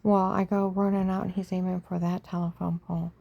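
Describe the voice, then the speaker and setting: A middle-aged woman telling her own story casually and with feeling, often sinking to a hushed near-whisper and checking in with the listener with "okay?". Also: lowish voice, flat delivery, a little fast, creaky, dull audio.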